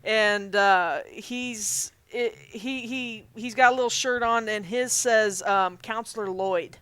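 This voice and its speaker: A man's voice: high voice, slow pace, pushed and bright, smooth, dry recording. A man running a tabletop game as game master, narrating scenes in a rambling, chatty way and laughing often.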